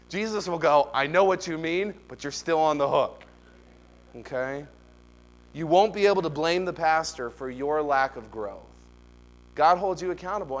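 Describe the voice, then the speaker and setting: A middle-aged man preaching a sermon as pastor, telling stories and pushing emphatic rising questions. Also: on the high side.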